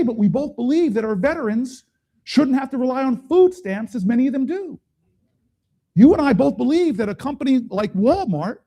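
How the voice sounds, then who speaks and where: A man's voice: extremely high pitch, mellow. A middle-aged man, a politician, telling stories in a speech at a town hall, with quoted voices and chuckles.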